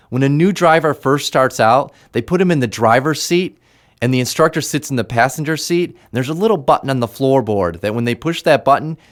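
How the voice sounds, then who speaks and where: A man, a life coach, giving an energetic motivational talk and demonstrating how to speak to oneself. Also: medium pitch.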